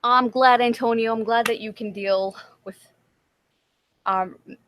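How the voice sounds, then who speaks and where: A woman co-hosting a casual livestream chat, talking in a profane, animated way and laughing often. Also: fairly high pitch, measured pace, a little hiss or hum. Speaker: livestream co-host.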